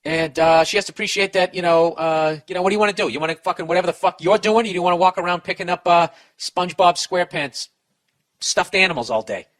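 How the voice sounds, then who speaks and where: Slightly high-voiced man hosting a comedy podcast, swearing and rambling as he gives advice. His delivery is heated and blunt. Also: fast talker, a bit bright. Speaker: podcast host giving advice.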